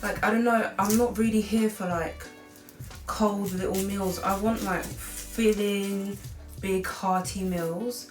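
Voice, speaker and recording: Here a young woman in her late teens rambles through her cooking vlog from a home kitchen counter, peppering her talk with "like." Her mid-range voice stays fairly even and moves at a slow pace. The sound is echoey and distant, with music playing behind.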